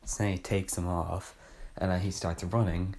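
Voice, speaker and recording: A man's voice: low voice, little pitch movement, normal speed, a little mellow, a little hiss or hum. Rambling, sweary young man reviewing. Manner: rambling, sarcastic, sweary, corrects himself mid-sentence. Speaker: book reviewer. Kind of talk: casual spoken review.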